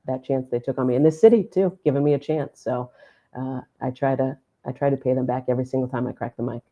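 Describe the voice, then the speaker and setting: A woman's voice: very deep voice, fast, dull audio. A woman sports announcer in a podcast interview, telling a story with feeling and acting out the dialogue of the people in it. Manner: animated storyteller who acts out quoted dialogue. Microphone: podcast microphone.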